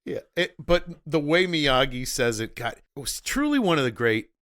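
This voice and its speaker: A man's voice: on the high side, sing-song, moderate pace, fairly bright tone. A man co-hosting a casual film podcast, ranting animatedly and swearing freely. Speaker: podcast co-host. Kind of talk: casual film-review chat.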